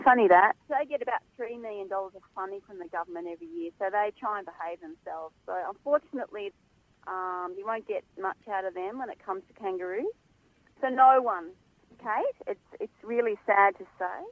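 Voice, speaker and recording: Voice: medium pitch, no echo. A guest, speaking passionately and emphatically about animal welfare in a phone interview. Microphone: telephone. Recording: tinny phone line.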